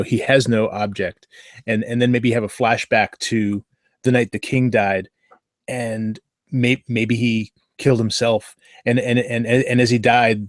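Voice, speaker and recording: Halting man, stumbling over words. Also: mid-range voice, dry recording, studio quality. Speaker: podcast co-host. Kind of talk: casual podcast chat.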